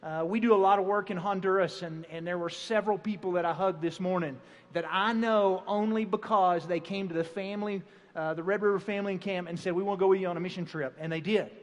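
A man's voice: high-pitched, steady tone, quick pace. A middle-aged man giving a folksy family class at a church gathering, rambling with fillers and restarts. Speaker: family seminar speaker. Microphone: handheld or stand microphone. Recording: long hall reverb.

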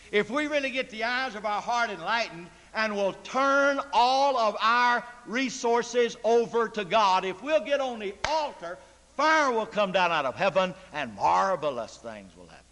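A man whose voice sits high and a bit bright preaches a sermon in a church sanctuary, heard with long church reverb. His delivery is emphatic and full of rhetorical questions for the congregation.

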